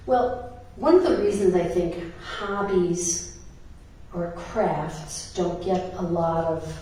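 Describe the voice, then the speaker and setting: An Irish woman minister delivers a sermon in a church sanctuary, telling stories peppered with laughter and filler words. Her voice is lowish and mellow, with a bit of hiss or hum. The recording is echoey, as if captured from a distance in the church hall.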